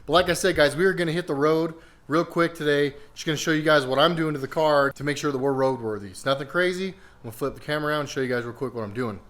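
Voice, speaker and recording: A man's voice: fairly high pitch, quick pace, a bit bright. A man hosting his own car vlog, talking casually and rambling a little with many fillers, walking through prep in his garage. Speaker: car vlogger. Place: home garage.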